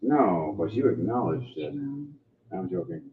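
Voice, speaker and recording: A man running a tabletop game as game master, narrating in an animated way and acting out sound effects. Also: sits low, measured pace, narrow, tinny audio, slight background noise.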